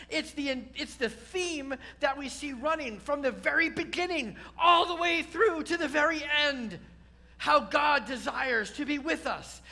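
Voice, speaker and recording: A man's voice: very high voice, sharp tone. A man, a rabbi, preaching a sermon to a congregation, repeating key words and building to emphatic peaks.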